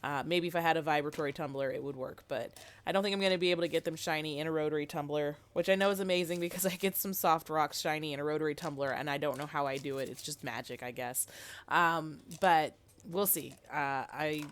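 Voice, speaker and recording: A woman's voice: low-pitched, quick pace. A woman vlogging casually about her rock tumbler, thinking aloud with ums and a sick-sounding voice. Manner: chatty, thinking aloud with fillers. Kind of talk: casual how-to vlog.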